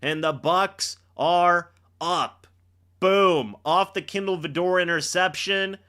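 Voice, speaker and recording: A young man hosting a live reaction stream, calling the plays and shouting and teasing players on big moments. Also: high voice, takes it slowly. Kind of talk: excited live play-by-play reaction.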